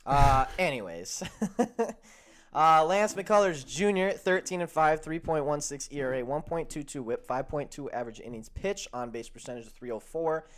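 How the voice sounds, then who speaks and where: A man's voice: a little high, lively intonation, a bit bright. A man hosting a sports betting show, chatting casually and joking, then running through stat lines. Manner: upbeat, jokey, reads stat lines quickly.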